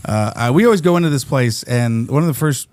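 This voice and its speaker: A man's voice: medium pitch, lively intonation, a little fast, darkish tone, dry recording, clean studio sound. A man hosting a podcast, telling a story in casual chat, acting out quotes and laughing often. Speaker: podcast host.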